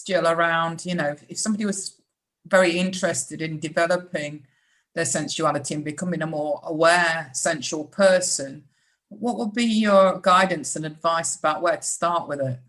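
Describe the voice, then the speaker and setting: A woman hosting a podcast who asks questions and explains her points in a measured way. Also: on the low side, a bit bright, rough recording. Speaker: podcast host. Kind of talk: casual conversation.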